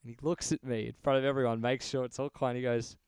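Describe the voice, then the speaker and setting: A man's voice: medium pitch, quick pace, clear, resonant tone, dry recording. A man telling an exasperated work story in casual podcast chat, swearing freely and acting out what others said. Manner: animated, exasperated storyteller who swears and acts out quotes.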